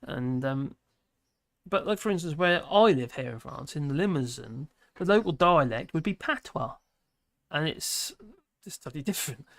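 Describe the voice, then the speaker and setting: A man's voice: fairly high pitch, animated, normal speed, gravelly, fairly bright tone, no echo. A man with a Norfolk accent hosting a casual livestream, reading chat and rambling with lots of fillers and self-deprecating chuckles. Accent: Norfolk English. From England. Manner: rambling, hesitant, filler-heavy. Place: home in rural France.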